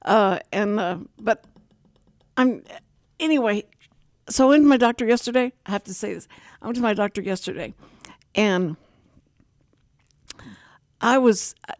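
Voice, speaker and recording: A woman hosting a talk radio show, telling personal stories in a rambling, animated way. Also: mid-range voice, moderate pace, long pauses, no room sound, studio quality. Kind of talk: casual talk radio chat.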